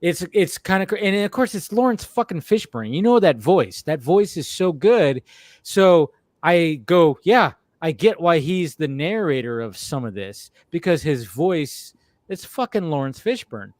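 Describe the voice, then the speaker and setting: A man's voice: a little high, big pitch swings, unhurried, a little mellow, dry recording. Profane rambling man, dry sound. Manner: rambling, profane, repeats himself. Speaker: host. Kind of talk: casual film discussion.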